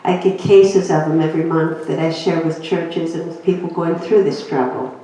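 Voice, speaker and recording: Older woman speaker telling a story, mellow low voice, picked up from afar in an echoey hall. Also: steady tone, normal speed. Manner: storytelling, acting out quoted voices. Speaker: guest speaker. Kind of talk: personal testimony talk. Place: church hall. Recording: echoey, distant, dull hall recording.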